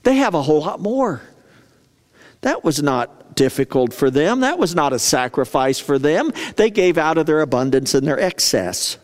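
A preacher voicing an animated, urgent Jesus as he points out a small gift to his disciples. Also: on the high side, normal speed. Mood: earnest. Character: excited earnest male teacher, Jesus. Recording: long reverb of a large hall.

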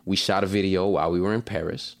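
A man's voice: deep voice, fairly even intonation, fast talker, vocal fry, a crowd in the background. A man chatting as a musician guest in an interview, loose and rambling, full of fillers like "like" and "you know". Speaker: singer-songwriter guest. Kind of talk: casual interview chat.

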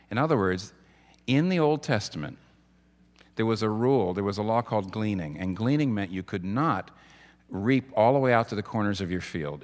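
A man's voice: lowish voice, fairly bright tone. Man preaching in a reverberant church hall. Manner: conversational storytelling preacher, halting restarts. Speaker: pastor. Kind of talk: sermon.

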